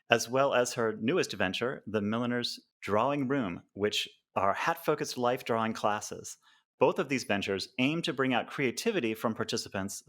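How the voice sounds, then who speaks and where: An American man hosts a podcast interview in a friendly way. He chuckles often and halts with fillers as he gathers his thoughts. His voice sits at a middling pitch for a man. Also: a bit bright. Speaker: podcast host.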